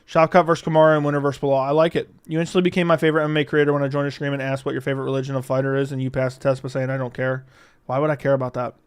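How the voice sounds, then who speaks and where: A man's voice: mid-range voice, little pitch movement, very fast, few pauses, clean tone. A man hosting a live stream, reading chat and ranting in a heated, profane way. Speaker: livestream host.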